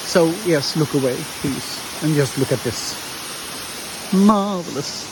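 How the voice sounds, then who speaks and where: A man's voice: fairly high pitch, lively intonation. A man chatting enthusiastically to his viewers in a casual travel vlog, filming on his phone outdoors by a waterfall. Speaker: travel vlogger. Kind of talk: casual vlog chat to camera. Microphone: handheld phone. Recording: loud outdoor water noise. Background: rushing waterfall water.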